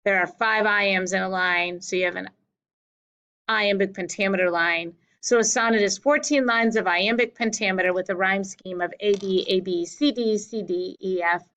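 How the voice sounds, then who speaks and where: A woman teacher giving a slow, deliberate lesson over slides, correcting herself now and then. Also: mid-range voice, fairly even intonation, a bit bright, low-quality recording. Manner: slow, deliberate explaining with small self-corrections.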